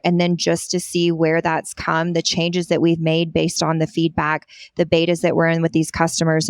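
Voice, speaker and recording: A woman's voice: low voice, dry recording. A woman with a Southern US accent talking enthusiastically in a casual panel chat, running her thoughts together. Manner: enthusiastic, gushing, fast run-on sentences. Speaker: loss prevention industry advocate on a company podcast.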